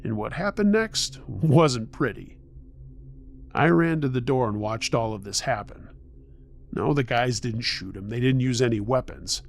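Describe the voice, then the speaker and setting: A man narrating a true scary story in the first person, tense and urgent. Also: medium pitch.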